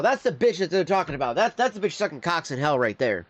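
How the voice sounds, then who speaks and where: A man's voice: sits high, animated, quick pace, dull audio. A man streaming his reactions to videos, ranting with heated, profane outbursts. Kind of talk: live reaction stream commentary.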